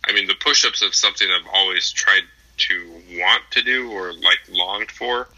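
A man's voice: deep voice, steady tone, moderate pace, pushed and bright, rough recording. A young adult man co-hosting a podcast, telling a rambling story full of swearing and fillers. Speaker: podcast co-host. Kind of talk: casual chat, profane storytelling.

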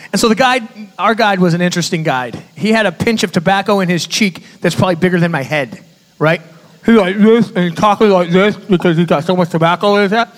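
A man with a high voice delivers a sermon as a youth pastor, telling stories with lively, conversational asides to the room. His voice rings out in a long-reverb church hall. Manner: animated storytelling, conversational asides to audience.

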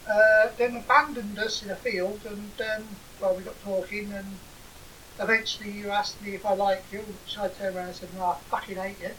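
A woman's voice: mid-range voice, fairly even intonation, normal speed, fairly bright tone. An English woman, probably in her forties, co-hosting a podcast and telling stories in a dry, sarcastic way. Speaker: podcast co-host. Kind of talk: casual banter. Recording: distant mic with faint hiss.

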